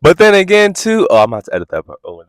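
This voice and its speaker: A man hosting a reality TV review vlog, talking in a sassy, animated way and acting out quotes in exaggerated voices. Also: high-pitched, dry recording. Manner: animated, sassy, quick asides. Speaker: host.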